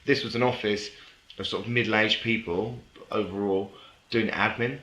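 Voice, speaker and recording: Bright-voiced man in an echoey room. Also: fairly low pitch, fairly even intonation, moderate pace. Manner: storytelling, laughs often, mimics voices. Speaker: podcast co-host. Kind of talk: casual chat. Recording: echoey room, faint hiss.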